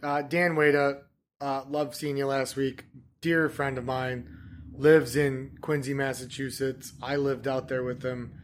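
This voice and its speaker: A man's voice: mid-range voice, level tone, a little slow, a little hiss or hum. A man co-hosting a podcast, chatting casually and telling rambling, profane stories. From Michigan. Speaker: podcast co-host. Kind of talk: casual chat.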